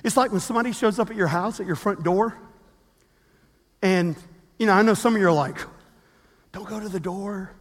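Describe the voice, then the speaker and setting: A pastor in his fifties preaching a sermon with animated storytelling, acting out the quotes he tells. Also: sits high, fairly quick, pauses often, in a large hall.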